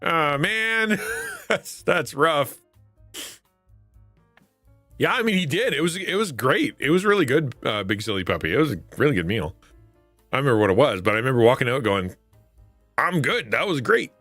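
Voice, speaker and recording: A man's voice: medium pitch, lively intonation, normal speed, pauses often, fairly bright tone, no room sound, faint music behind. A man hosting a live stream, chatting casually with viewers and retelling funny stories, laughing often, with a stuffy nose. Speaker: livestream host.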